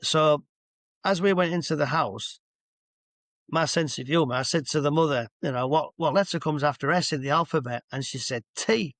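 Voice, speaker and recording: A man's voice: fairly high pitch, normal speed, a bit bright, no echo. A man, a hypnotherapist telling rambling stories on a video call from home. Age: 60s. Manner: chatty, rambling, stops to explain asides. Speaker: clinical hypnotherapist guest. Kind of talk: casual anecdotal storytelling. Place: at home with a dog nearby.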